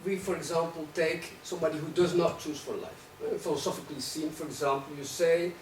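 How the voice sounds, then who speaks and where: A man in the audience presses a provocative argument and keeps checking in with a rhetorical "right?". His voice sits a little high. He is picked up from far off in an echoey hall with faint background noise. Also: fairly even intonation, fairly quick. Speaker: audience questioner. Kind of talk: academic Q&A discussion. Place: lecture hall. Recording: echoey room, distant mic, faint noise.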